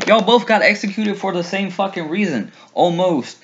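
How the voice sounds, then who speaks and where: A man vents to his camera in a loose, profane rant, his pitch jumping high and low as he mocks people. The sound is a bit dull and lo-fi. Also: takes it slowly, a little hiss or hum. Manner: animated, profane, mock voices for characters. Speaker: vlogger. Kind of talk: casual ranting commentary.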